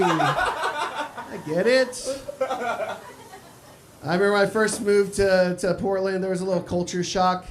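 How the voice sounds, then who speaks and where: A man's voice: high voice, unhurried, pauses often, background noise. Texan man doing dry stand-up. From Texas. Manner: dry, conversational delivery with crude asides. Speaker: stand-up comedian. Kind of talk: live stand-up set. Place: small cafe stage with live audience.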